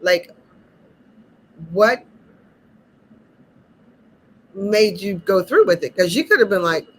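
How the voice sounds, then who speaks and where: A woman's voice: medium pitch, lively intonation, measured pace, breathy edge, rough recording. A woman hosting a podcast, asking her guest questions in a casual, searching way. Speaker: podcast host. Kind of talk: interview questions in casual chat.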